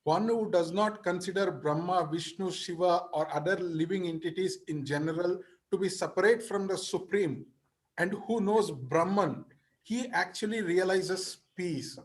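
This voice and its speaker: A man's voice: sits high, normal speed. A man in an earnest religious discussion on a video call, pleading and apologetic as he interrupts. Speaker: discussion participant.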